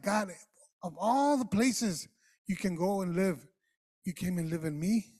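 A man preaching a sermon, praying and then speaking passionately to the congregation, rising at times to shouts. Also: sits high. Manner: addresses the congregation directly.

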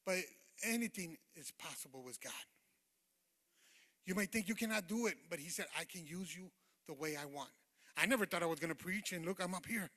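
A man preaches a fervent, informal testimony in a church sanctuary, stopping to call out "amen" to the congregation. His voice sits high and bright. The room adds a long, echoing reverb. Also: a little fast. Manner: informal, rambling, with many fillers. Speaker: lay preacher giving a testimony. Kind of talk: sermon testimony.

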